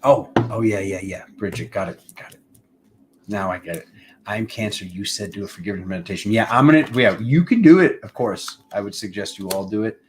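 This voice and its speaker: A man with a fairly low voice gives a casual tarot reading, chatty and wandering. He jokes, breaks off into asides to people in the room, and now and then calls on cosmic forces in an incantatory tone. A faint hiss sits under the recording. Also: brisk. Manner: rambling and playful, with asides to people off camera. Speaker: tarot reader.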